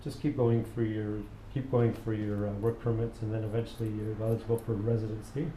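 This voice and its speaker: A man's voice: fairly low pitch, level tone, brisk, warm tone, a little hiss or hum. A man working as a barber, chatting casually and rambling through stories while cutting hair. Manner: chatty storyteller, rambling and repeating phrases. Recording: echoey room.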